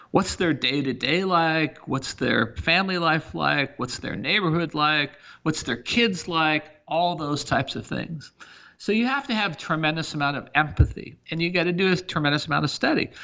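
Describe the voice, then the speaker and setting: A middle-aged man speaks as a business leader in a podcast interview, his voice gravelly with a bright, forceful edge. He pushes his points with energy and stacks example after example. The audio is a bit dull and lo-fi. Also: on the high side. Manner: energetic, emphatic, talks through examples. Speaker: senior living company CEO, guest.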